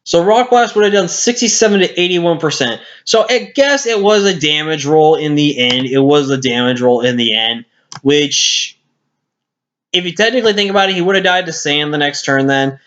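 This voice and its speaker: Tired guy kinda high voice rambling about his match, fixing himself mid-sentence, muffled cheap mic. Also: expressive, normal speed, a bit bright. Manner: rambling, self-correcting. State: tired, hiccuping. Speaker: gaming commentator. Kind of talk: casual game commentary. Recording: lo-fi screen-capture mic.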